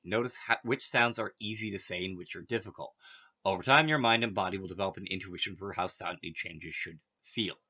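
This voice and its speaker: A man's voice: lowish voice, sharp tone. A man teaching a language lesson, reading the text aloud and breaking off for offhand asides. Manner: reads text then adds offhand asides. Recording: dull lo-fi audio.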